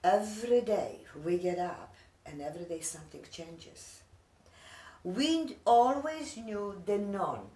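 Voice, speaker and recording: This sixty-something immigrant woman has a mellow, mid-range voice with lively intonation and a slow pace. Earnest and heartfelt, she speaks broken English about emotional personal matters, recorded with a distant mic in an echoey space.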